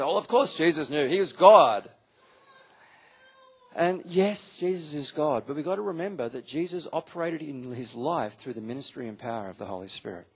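Before a live audience, a man with a gravelly, slightly husky voice teaches a Bible class as an animated sermon. He acts out quotes with sudden jumps in pitch.

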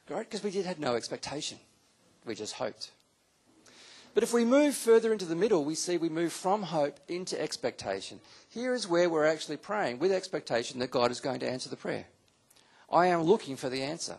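A man with a gravelly, slightly husky voice teaches a Bible class to a live audience. He delivers it as an animated sermon and acts out quotes with sudden jumps in pitch. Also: fairly quick.

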